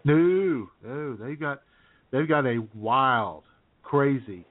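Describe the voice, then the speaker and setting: A man's voice: mid-range voice, animated, slow pace. A man co-hosting a comedy radio show, playful and teasing, laughing easily. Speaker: co-host. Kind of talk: casual comedy radio banter. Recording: tinny phone-like sound.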